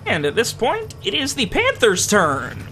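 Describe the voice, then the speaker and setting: High, lively man running a tabletop game. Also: unhurried, a little hiss or hum. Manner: lively narration full of ums and self-corrections. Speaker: game master.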